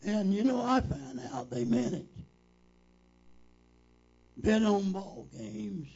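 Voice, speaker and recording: An older male preacher with a deeply gravelly, creaky voice that still sits fairly high for a man. He tells his stories slowly and folksily, looping back through "said" as he retells old conversations. The recording is dull and lo-fi. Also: sing-song, a little mellow. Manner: folksy, repetitive, retells dialogue with "said". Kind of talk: reminiscing storytelling.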